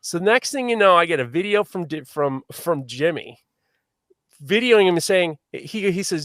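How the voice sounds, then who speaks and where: A man hosting a live podcast, telling a long story in a lively, swearing manner. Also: sits high, normal speed, dry recording, clean studio sound. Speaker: podcast host.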